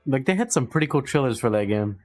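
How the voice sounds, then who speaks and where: A man's voice: mid-range voice, animated, fast, a little mellow, faint music behind. A man chatting eagerly on a casual podcast.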